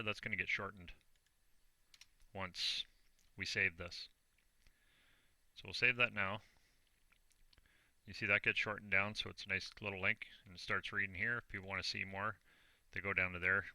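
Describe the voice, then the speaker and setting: A low-voiced Canadian man narrates a screen-recorded tutorial step by step, plainly and with a self-deprecating streak. His tone is bright and forceful, and the recording is dry and close with no room sound. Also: dry recording. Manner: plain, self-deprecating, talks through each click. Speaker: online business vlogger.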